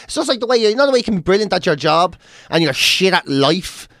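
A man's voice: high-pitched, fast, dry recording, clean studio sound. A man with an Irish accent hosting a casual chat, telling stories bluntly and with lots of swearing. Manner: profane, blunt, animated storytelling.

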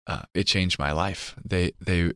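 Deep-voiced earnest man telling a story. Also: steady tone, unhurried, smooth, no room sound, clean studio sound. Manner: earnest, emotional, drops to a hushed voice for tender moments. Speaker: guest. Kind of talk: personal storytelling in an interview.

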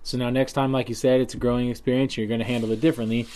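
A man's voice: mid-range voice, little pitch movement, rapid-fire, warm tone, a little hiss or hum. A man in casual chat, laid-back and encouraging, who mostly gives short replies and swears now and then.

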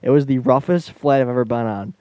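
A man's voice: medium pitch, fairly quick, no echo, muffled recording. A man casually telling a long travel story on a podcast, laughing as he goes and acting out the voices of the people in it.

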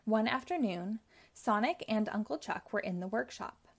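A woman hosting a read-aloud show, narrating a children's chapter book in a clear, even way. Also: medium pitch, normal speed. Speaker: host.

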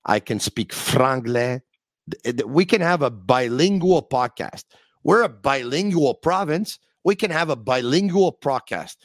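Man, call-in sports host, lively up-and-down delivery, dry studio sound. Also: medium pitch, dry recording. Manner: animated, switches between English and French, rants playfully. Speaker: radio podcast host. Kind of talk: live call-in sports talk.

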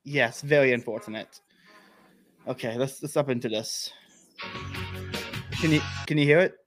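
An American man hosting a casual reaction chat, joking and emphatic, quick to mock himself. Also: medium pitch, soft background music. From United States. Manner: joking, emphatic, self-mocking. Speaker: host.

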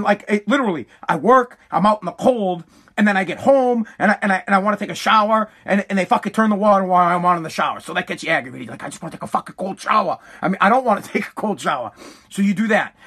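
A middle-aged man telling a profane, comedic rant about his family eating his food, animated and building to shouts. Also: high-pitched, husky.

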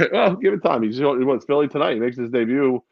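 A man with a mid-pitched voice, co-hosting a podcast and rambling through one-liners in a loose, laughing way. The room sounds dry and close, and the audio is a little dull and lo-fi. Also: lively intonation, fairly quick, vocal fry, dry recording. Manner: rambling, joking, laughs often. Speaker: podcast co-host. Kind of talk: casual chat.

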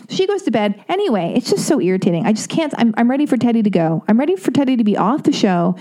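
This thirty-something woman talks fast with few pauses, her voice a little high. She rambles casually and animatedly, stuttering and starting over as she gets worked up. When she quotes others, she acts out their voices.

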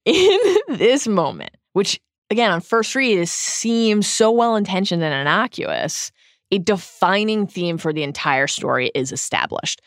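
A woman's voice: mid-range voice, lively intonation, a little slow, no room sound. A woman co-hosting a podcast book discussion, earnest and emphatic, reading passages aloud at a close studio mic. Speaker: podcast co-host.

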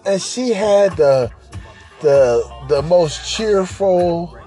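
A man's voice: sits high, expressive, very slow, warm tone, soft background music. A man hosting a podcast, telling a crude comic story in a rambling, repetitive way and often checking in with the listener. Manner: rambling, repetitive, keeps asking "right?". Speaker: podcast host. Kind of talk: profane comic storytelling monologue.

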